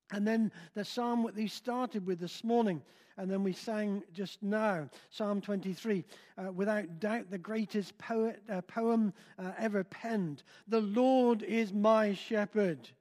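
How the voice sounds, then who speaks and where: An older man preaching a sermon in a church, slow and halting with many filler sounds. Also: high voice, darkish tone. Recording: long reverb in a hall.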